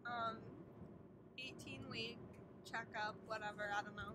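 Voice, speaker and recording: A woman's voice: a little high, steady tone, unhurried. A young woman vlogger chatting to her phone camera from a moving car, rambling and giggling often. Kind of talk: casual chat to camera. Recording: car road noise behind.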